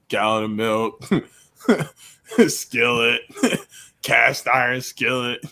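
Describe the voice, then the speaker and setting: A young man co-hosting a podcast, telling a long story in loose, casual chat. He laughs a lot and fills his talk with "like" and "you know". His voice sits in an ordinary middle pitch. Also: fairly even intonation, extremely slow, gravelly, pauses often, sharp tone, a little hiss or hum. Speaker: podcast co-host; coach.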